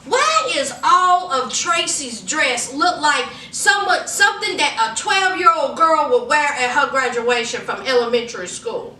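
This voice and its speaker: A woman recapping a reality show in sassy, animated casual commentary, acting out what the cast said. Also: high voice, a little slow, few pauses, slight background noise. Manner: sassy, animated, acts out quotes. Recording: echoey room, from far off.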